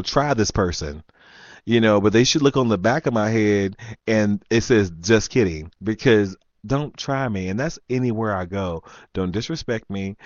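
Man, casual rant, frequent laughter, deep voice, dry dull recording. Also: no echo. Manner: animated, laughs often, trails off with ums. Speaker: host of a live chat stream. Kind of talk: casual ranting storytelling.

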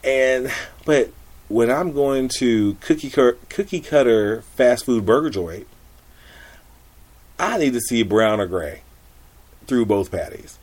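A middle-aged man hosting a podcast, telling a story in a chatty, animated way with frequent laughs. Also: slow pace, long pauses. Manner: animated, chatty, laughs often, jumps high for exasperated quotes. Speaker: podcast host. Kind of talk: casual storytelling monologue.

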